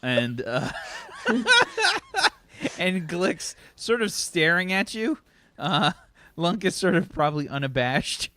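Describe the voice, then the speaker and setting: A man narrating as game master of a tabletop game, relaxed and giggly, with fillers. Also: a little high, slow pace, long pauses, a little hiss or hum.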